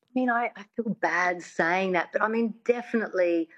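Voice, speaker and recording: A woman's voice: medium pitch, normal speed, muffled recording. A woman working as a coach, chatting in an interview with lots of "I mean" restarts. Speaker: accent coach. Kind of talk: casual interview chat.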